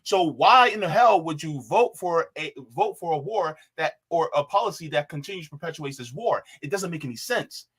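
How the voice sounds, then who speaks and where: Male panelist, high, lively voice, heated rant, slangy. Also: normal speed, few pauses, breathy edge. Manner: animated, repeats himself, says bruh, mimics others in quotes. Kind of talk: heated political panel talk.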